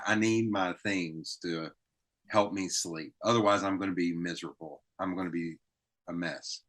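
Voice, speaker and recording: Low-voiced man with a Southern US accent. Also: steady tone, brisk, fairly bright tone. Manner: chatty storyteller who laughs easily. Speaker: podcast host. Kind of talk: casual conversation.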